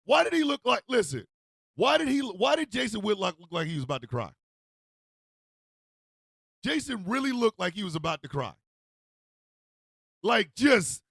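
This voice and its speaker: A male host rants comedically on his radio show, loud and animated. His voice sits high and gravelly. The sound is close and dry. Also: normal speed, pauses often, no echo. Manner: animated, loud, laughs often, acts out street calls. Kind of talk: comedic commentary rant.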